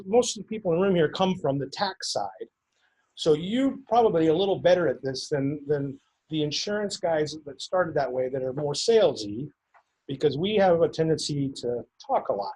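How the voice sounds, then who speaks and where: This man's voice sits on the high side with a darkish tone, and the audio quality is poor. He addresses a conference audience in a live seminar, coaching agents in a chatty style full of anecdotes and frequent restarts.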